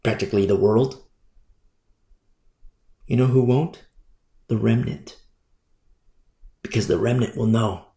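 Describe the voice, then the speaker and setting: A man's voice: on the low side, takes it slowly, pauses often, dark tone. A man preaching a sermon, emphatic and fond of repeating phrases for effect. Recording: echoey room.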